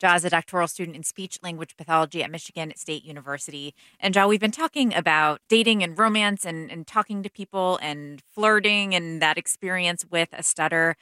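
A woman hosting an interview, asking measured, long questions. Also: lowish voice, sharp tone, clear, resonant tone, no room sound. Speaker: interview host.

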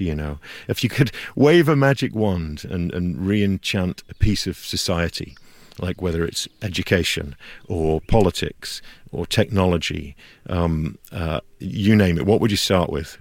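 A low-pitched man hosts a relaxed interview and leans into storytelling between his questions. His voice is recorded close and dry, with no room sound. He drifts into soft asides as he talks. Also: no room sound. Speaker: host. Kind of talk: conversational podcast interview.

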